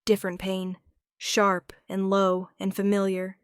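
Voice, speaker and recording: Slow, smooth woman audiobook narrator. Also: mid-range voice, flat delivery, dry recording, clean studio sound. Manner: measured, dramatic storytelling. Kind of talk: first-person romance audiobook narration.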